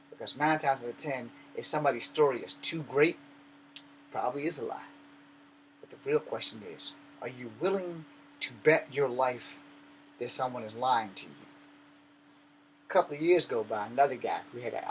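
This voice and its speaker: A man's voice: medium pitch, a little hiss or hum, low-quality recording. A man telling a personal story in a blunt, profane, swaggering way. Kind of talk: casual spoken storytelling.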